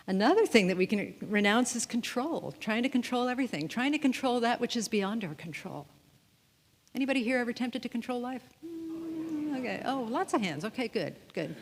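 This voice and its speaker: A woman minister giving a playful, chatty sermon, often asking her congregation questions and laughing. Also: a little high. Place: church sanctuary. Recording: long reverb of a hall.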